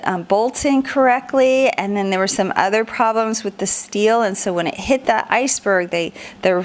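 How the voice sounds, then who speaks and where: A woman teacher walking children through a homeschool lesson, asking them questions and chanting memory rhymes in a sing-song. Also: mid-range voice. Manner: encouraging, asks children questions.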